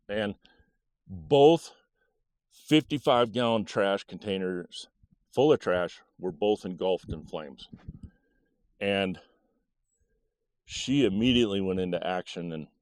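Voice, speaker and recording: A man's voice: on the low side, dry recording. Older man telling a childhood story. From Michigan, USA. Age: 60s. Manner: halting, with many "uh" fillers and soft chuckles. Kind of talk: casual personal storytelling.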